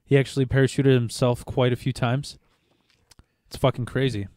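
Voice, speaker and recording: A man's voice: medium pitch, level tone, moderate pace, darkish tone, no room sound, studio quality. Rambling, profane man telling stories. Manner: rambling, profane, stammers and restarts. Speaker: podcast host. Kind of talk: casual storytelling chat.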